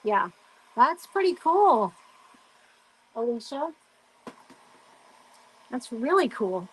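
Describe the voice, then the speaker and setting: A woman's voice: fairly high pitch, very slow, husky. A woman hosting a crafting live stream, chatting casually and telling stories while she works. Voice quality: chatty storyteller, animated retelling with quoted voices.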